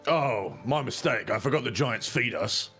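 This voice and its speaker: A man's voice: mid-range voice, lively intonation, normal speed, a bit bright, soft background music. A man taking part in a tabletop game as a player, swinging between joking and earnest. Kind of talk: in-character tabletop role-play.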